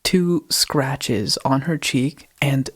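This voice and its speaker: A man's voice: mid-range voice, very slow, a bit bright, breathy edge. A man co-hosting a casual podcast, retelling a ghost video in a rambling way, often stopping to correct himself and giggling. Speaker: podcast co-host.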